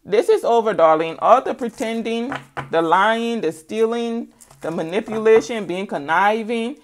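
A woman's voice: a little high, measured pace, a little hiss or hum. A middle-aged woman giving a casual tarot reading, sassy and teasing, repeating words for emphasis. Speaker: tarot reader.

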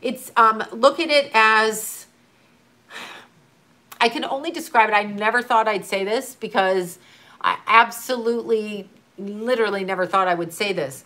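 A bright, clear-toned middle-aged woman talks straight to one listener. She speaks as a grieving mother in an earnest, urgent way, repeating her points and swearing now and then. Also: medium pitch, unhurried. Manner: earnest, urgent, repetitive coaching with occasional swearing. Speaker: grieving mother giving advice to another mother. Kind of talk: emotional casual talk to a viewer.

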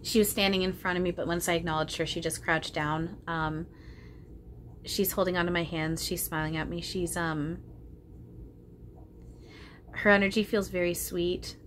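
A woman channeling spirits aloud in a soft, hesitant way, with frequent ums and casual swearing. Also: lowish voice, steady tone, normal speed, long pauses, a little hiss or hum.

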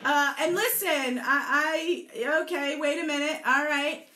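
A woman's voice: high-pitched, measured pace, pushed and bright, reverberant. A playful woman leading a live group storytelling session, encouraging her participants and joking about tongue twisters. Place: indoor room, also streamed to Facebook.

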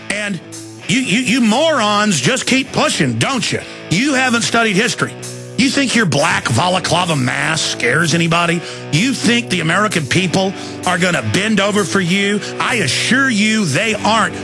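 A man in his thirties hosting a radio show, delivering an angry, shouting monologue in rapid tirades. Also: sits high, expressive, faint music behind. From Texas. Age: 30s. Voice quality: gravelly, raspy. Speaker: radio host. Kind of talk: ranting talk radio monologue.

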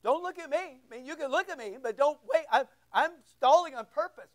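A man's voice: extremely high pitch, expressive, brisk, poor audio. A middle-aged man preaching a sermon in a church, talking conversationally, repeating words and putting questions to the room. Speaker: pastor.

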